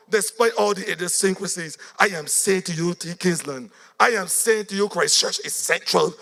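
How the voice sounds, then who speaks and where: A Barbadian man giving a fiery, sing-song political rally speech, his voice going hoarse. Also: high voice, fairly bright tone. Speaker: political speaker.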